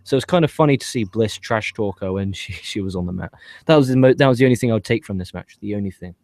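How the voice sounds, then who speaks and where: A man co-hosting a wrestling review podcast, rambling and swearing in loose, excitable banter. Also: fairly low pitch, fast talker, dry recording. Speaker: podcast co-host. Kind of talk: casual wrestling review chat.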